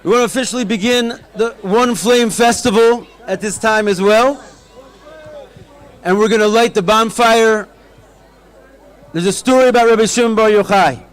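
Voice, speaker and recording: A man, a rabbi, giving an animated storytelling address at an outdoor festival, mixing Hebrew terms into his talk. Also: high-pitched, moderate pace, long pauses, smooth, some chatter behind.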